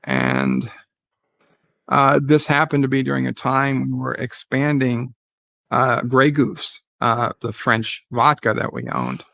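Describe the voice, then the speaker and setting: Gravelly-voiced man hosting a live chat. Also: mid-range voice, very animated, slow, sharp tone, no room sound. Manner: rambling, many fillers and restarts. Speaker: livestream host. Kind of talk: casual live-stream chat reading viewer comments.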